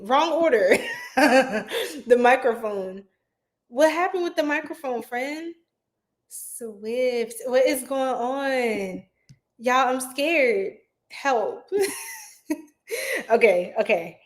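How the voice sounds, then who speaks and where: A woman's voice: fairly high pitch, lively intonation, slow, pauses often. A woman hosting a casual livestream tarot reading, playful and chatty, laughing often and talking to her chat in slang. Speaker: tarot reader and livestream host.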